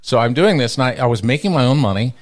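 A middle-aged man from Texas, telling stories as an interview guest and acting out the people he quotes. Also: fast. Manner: animated storyteller who acts out quoted people with big pitch jumps. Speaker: radio personality, interview guest. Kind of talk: storytelling in an interview.

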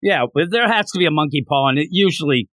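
A man co-hosting a podcast, chatting casually about a manga chapter and acting out characters' lines in quick voices. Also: a little high, animated, a bit bright, no room sound. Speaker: podcast co-host.

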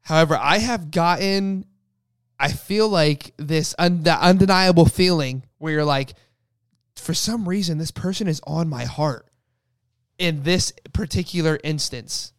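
A man's voice: a little high, a little slow, fairly bright tone, no room sound, clean studio sound. A young man co-hosting a casual faith podcast, telling a personal story with lots of restarts. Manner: rambling storyteller with many restarts. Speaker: podcast co-host.

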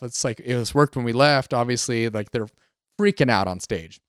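A man, co-hosting a casual gaming podcast and retelling events in an animated way. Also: medium pitch, moderate pace, no echo, clean studio sound. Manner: animated storyteller, acts out quotes. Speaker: podcast co-host.

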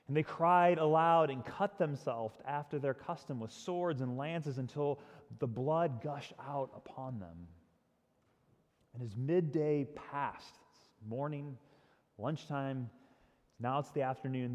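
A man preaching a sermon, retelling a story dramatically, swinging from loud to hushed. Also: medium pitch, a little slow. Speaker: pastor. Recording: long hall reverb.

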